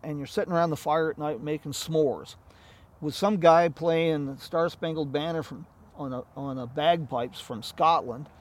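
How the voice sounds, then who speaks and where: Enthusiastic higher-voiced man interviewed. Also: darkish tone. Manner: enthusiastic, stumbling restarts. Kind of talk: casual interview.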